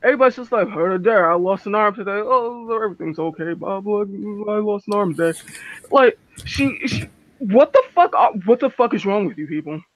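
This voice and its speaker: A man's voice: high-pitched, fairly quick, no echo. A man voicing a distraught, furious young werewolf medic who swears a lot and stammers. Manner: profane, stammering, swings between loud and muttered. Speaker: tabletop game player. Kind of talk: in-character role-play. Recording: dull dry lo-fi recording.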